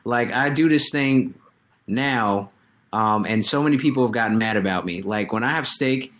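A man's voice: medium pitch, moderate pace, fairly bright tone. A man in casual group chat, telling stories and acting out the people he quotes. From New York. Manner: storytelling, acts out people he quotes.

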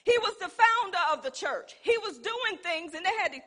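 Fervent high-voiced woman preaching. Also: lively intonation, normal speed, a bit bright. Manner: call-and-response preaching, rising to fervent emphasis. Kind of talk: sermon.

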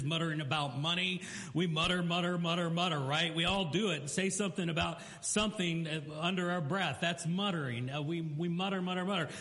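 A man's voice: fairly high pitch, fairly bright tone. A man preaching a sermon, telling stories and acting out quotes and everyday asides. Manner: storytelling preacher who acts out quotes and asides. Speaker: pastor. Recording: long hall reverb.

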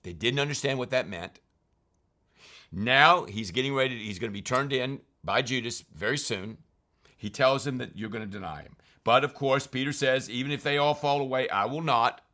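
A man's voice: mid-range voice, normal speed, sharp tone. A man teaching from scripture, reading verses aloud and then explaining them in plain, conversational terms. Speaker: preacher.

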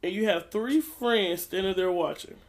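A woman's voice: mid-range voice, normal speed. A woman co-hosting a podcast in a recording studio, insistent and questioning in casual chat. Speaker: podcast co-host.

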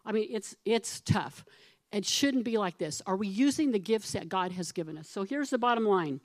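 A middle-aged woman pastor preaching a sermon in a conversational, animated way, asking her congregation questions and acting out the voices of people in her stories. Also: mid-range voice, normal speed, dry recording.

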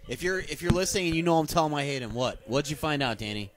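Fast and fairly high-pitched, this man co-hosts a podcast while a crowd murmurs in the background. He's watching an old wrestling match and tearing into it with crude, animated, profane ranting in a casual watch-along.

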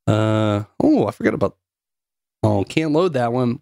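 A man with a North Carolina accent co-hosting a stream, relaxed and laughing as he curses. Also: medium pitch, measured pace, creaky, no room sound. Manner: laid-back, laughing, cursing. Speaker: co-host. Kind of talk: casual chat on a live stream.

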